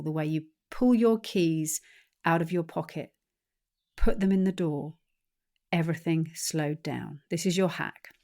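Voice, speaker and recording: A woman hosting a solo podcast, coaching listeners in a calm, deliberate way that often slows and softens. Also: deep voice. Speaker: podcast host. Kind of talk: solo podcast talk on anxiety.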